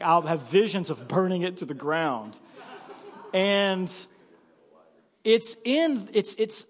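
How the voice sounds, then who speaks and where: A man in his thirties preaches with a fairly high voice, spinning a story with an animated, humorous delivery. His words ring out with a long reverb in a church sanctuary. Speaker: pastor. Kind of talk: sermon.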